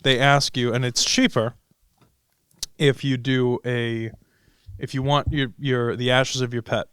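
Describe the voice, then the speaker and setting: Young male podcast host, smooth clean voice, dry close studio sound, playful and reactive. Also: mid-range voice, level tone, a bit bright, no echo. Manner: playful, jokey, quick to react. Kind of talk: casual chat.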